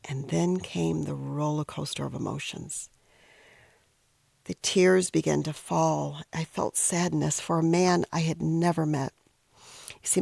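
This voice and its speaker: A middle-aged woman tells a personal story in a reflective, emotional way. Her voice carries a heavy, gravelly fry. She often pauses and sometimes drops to a near whisper, recorded close and dry. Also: low-pitched, mellow, no room sound. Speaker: podcast host telling a personal story.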